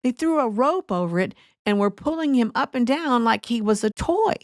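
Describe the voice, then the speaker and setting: A woman hosting a history podcast, telling an old outlaw story in a steady way with wry asides. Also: fairly high pitch, normal speed, no echo, studio quality. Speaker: podcast host.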